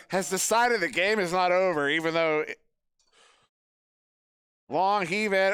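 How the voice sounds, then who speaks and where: A man provides live esports play-by-play at an event venue, his high-pitched voice animated, smooth and a bit bright, at a moderate pace with no echo. Chatty between calls, he jokes with those in the room.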